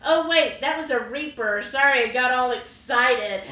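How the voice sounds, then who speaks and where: A woman's voice: high voice, normal speed, pushed and bright. A woman, co-hosting a cooking livestream and reading viewer comments aloud in a chatty, giggly way. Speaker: cooking stream co-host. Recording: echoey kitchen room.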